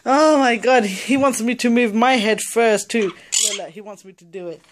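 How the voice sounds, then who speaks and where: A woman's voice: a little high, normal speed, a crowd in the background. A woman talking baby talk to her pet parrots at home, cooing and repeating sing-song phrases with frequent laughter. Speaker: pet parrot owner filming her birds.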